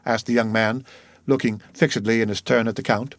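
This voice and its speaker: A man narrating an audiobook of a classic novel in a steady reading voice. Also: lowish voice, a little fast, no echo. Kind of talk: scripted narration.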